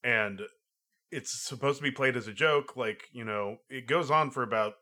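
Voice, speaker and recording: A man chatting casually about a movie, halting and restarting often with lots of fillers. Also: mid-range voice, sharp tone. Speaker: podcast co-host. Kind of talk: casual film review chat.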